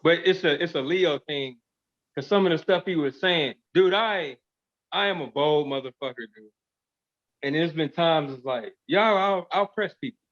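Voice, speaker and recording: A man in casual chat, bantering and bragging with friends. His voice sits a little high for a man. The recording sounds dull and lo-fi. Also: moderate pace, a bit bright. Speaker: podcast co-host.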